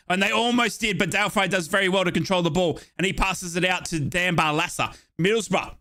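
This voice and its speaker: Excitable Australian man commentating football. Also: sits high. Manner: chatty and excitable, with playful asides. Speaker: fan commentator on a match watchalong. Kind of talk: live play-by-play football commentary.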